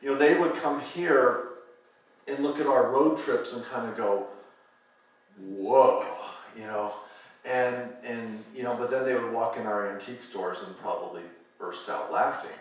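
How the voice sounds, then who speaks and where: A man's voice: mid-range voice, steady tone, normal speed. Middle-aged pastor guy from california, rambly sermon, lots of you-knows, heavy church echo. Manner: rambling, anecdotal, frequent "you know" fillers. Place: church sanctuary. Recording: roomy hall, voice from far off the mic.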